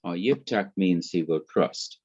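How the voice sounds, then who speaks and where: A man with a Jamaican accent teaching Hebrew grammar in a classroom lecture, speaking slowly and deliberately and repeating his points. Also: deep voice, animated, darkish tone, husky. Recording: muffled lo-fi classroom recording.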